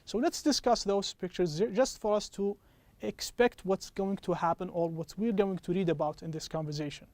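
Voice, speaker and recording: A man teaching an English pronunciation lesson, patiently checking in with "okay?" and slowing down to model each example phrase. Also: high voice, a little mellow, no echo. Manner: patient, repeats "okay?" after each point.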